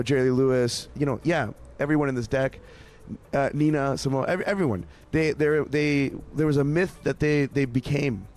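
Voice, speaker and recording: A Canadian musician, appearing as an interview guest, speaks in a mid-range, slightly mellow voice. In casual conversation he tells stories in a rambling way, restarting often.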